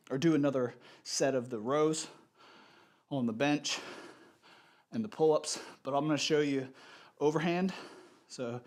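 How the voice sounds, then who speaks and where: A man with a stuffy nose leading a live home workout, giving relaxed, encouraging instructions while he exercises in his home gym. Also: mid-range voice. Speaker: fitness instructor. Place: home gym in a converted bedroom.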